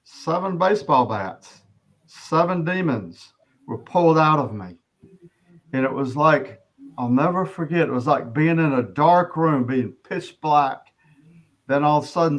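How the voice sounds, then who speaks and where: Earnest middle-aged man, higher voice. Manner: earnest, halting with restarts. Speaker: interview guest. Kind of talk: personal testimony.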